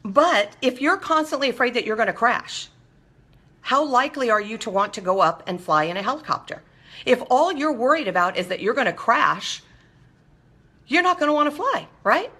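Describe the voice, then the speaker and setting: A woman's voice: on the high side, lively intonation, normal speed, pushed and bright. A middle-aged woman from Southern California hosting a live talk show alone, chatty and often asking her listeners "right?". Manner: chatty, keeps asking listeners "right?", acts out quoted voices. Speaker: host. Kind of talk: solo live-show monologue.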